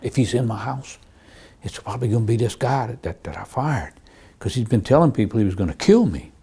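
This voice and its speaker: A man's voice: medium pitch, expressive, brisk, gravelly, warm tone, slightly rough. A man, a police officer, recounting cases in a true-crime interview and acting out the dialogue as he tells it. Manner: plain storytelling, acts out quoted dialogue.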